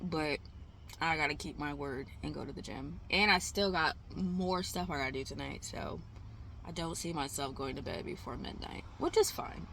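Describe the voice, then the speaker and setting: Bright-voiced woman vlogging at home. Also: low-pitched, moderate pace, vocal fry, slight background noise. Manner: rambling, candid, swears and laughs often. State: exhausted. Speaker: trading vlogger. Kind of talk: casual self-talk vlog.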